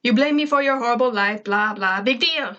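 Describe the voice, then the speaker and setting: Woman doing an arrogant male alien invader, raised pitch, pompous, shouting. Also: fairly quick, lo-fi sound. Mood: dismissive.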